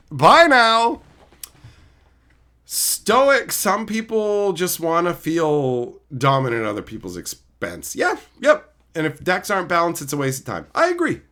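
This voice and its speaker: A middle-aged man chatting casually on a live stream, reading chat and telling animated, profane stories. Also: on the high side. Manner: animated, profane storytelling, mimics people.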